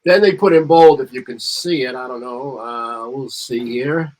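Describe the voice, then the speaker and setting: A man's voice: mid-range voice, moderate pace, darkish tone. A man on a marketing panel talking casually and rambling, reading bits of ad copy aloud with extra emphasis. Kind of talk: casual chat.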